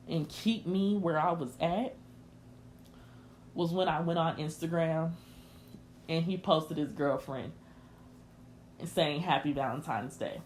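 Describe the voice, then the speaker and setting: A woman's voice: fairly low pitch, darkish tone, slight background noise. A young woman hosting a podcast, confiding a personal story in an emotional, candid rant and speaking straight to her listeners. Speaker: podcast host.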